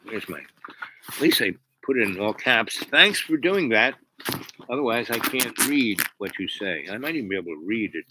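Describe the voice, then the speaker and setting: A man's voice: on the low side, very animated, moderate pace, noisy background. A man hosting a livestream, telling a meandering story to his chat with many fillers and restarts. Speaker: livestream host.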